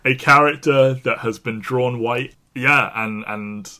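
Lively bright-voiced male podcast co-host. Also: mid-range voice, takes it slowly. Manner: animated, swearing, laughs often. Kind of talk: casual chat.

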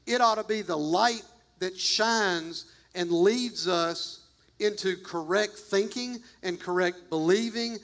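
High-voiced emphatic male preacher. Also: slow pace, fairly bright tone. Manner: emphatic, repetitive, addresses the congregation. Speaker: pastor. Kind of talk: sermon.

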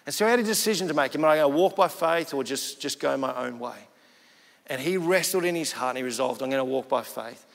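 A man's voice: mid-range voice, quick pace, gravelly. Man preaching with a reverberant hall sound. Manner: storytelling, conversational, acts out quoted people. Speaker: pastor. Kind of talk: sermon.

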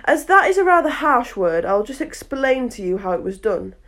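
A woman's voice: a little high, very animated, moderate pace, fairly bright tone. A woman podcast host narrating a children's book aloud, with chatty, playful asides. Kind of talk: storybook narration.

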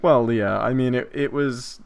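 A man's voice: medium pitch, unhurried, vocal fry, smooth. An Australian man hosting a podcast late at night, a little drunk and tired, chatting casually, laughing often and swearing freely. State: tipsy and tired. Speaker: podcast host.

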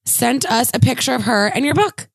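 A woman co-hosting a podcast, reading listener emails aloud in a relaxed way with asides. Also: on the high side, normal speed, gravelly, no echo, clean studio sound. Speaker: podcast co-host.

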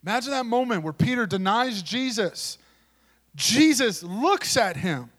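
A male preacher giving a sermon in an emphatic way, rising to loud declarations and dropping to hushed tones. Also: high-pitched, big pitch swings, measured pace.

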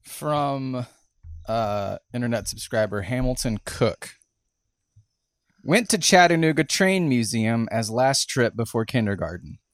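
A man's voice: mid-range voice, expressive, measured pace, dry recording, clean studio sound. A man co-hosting a comedy podcast, reading listener stories aloud with wry asides. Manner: wry, reads submissions aloud with mock outrage.

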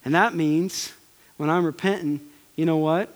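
A man preaching a sermon with passion, swinging from loud urging to hushed pleading. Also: fairly high pitch, fairly even intonation, a little slow. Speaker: pastor. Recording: long hall reverb.

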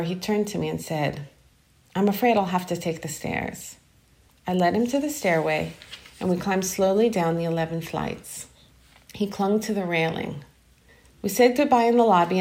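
A woman giving a calm, measured reading of a literary short story. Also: mid-range voice, vocal fry.

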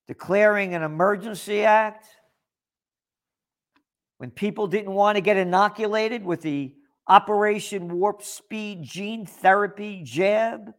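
A man ranting in political commentary, sarcastic and emphatic. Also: high-pitched.

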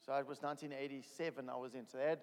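A man in his fifties from South Africa, telling his testimony as a preacher in a storytelling sermon that rises to loud excited bursts. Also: medium pitch, racing. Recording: long hall reverb.

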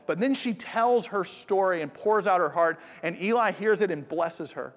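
A pastor preaching a sermon, talking conversationally and directly to the congregation. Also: male voice, high voice, moderate pace, few pauses, fairly bright tone. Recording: long hall reverb.

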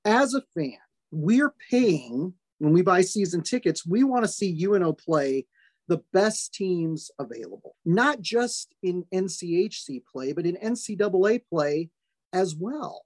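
A man hosting a podcast, making his points in a measured, deliberate way and stressing his caveats. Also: high voice, big pitch swings, a little mellow, no room sound. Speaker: podcast host. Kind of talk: casual sports chat.

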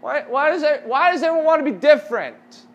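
A man's voice: very high-pitched, expressive, a little fast, a bit bright, dull audio. A man as youth pastor, giving a casual sermon and asking the audience questions.

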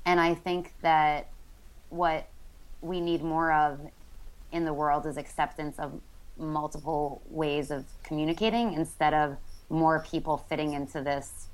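A woman's voice: sits low, poor audio. A woman co-hosting a podcast, talking casually with lots of fillers and restarts. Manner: rambling, filler-heavy. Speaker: podcast co-host. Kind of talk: casual discussion.

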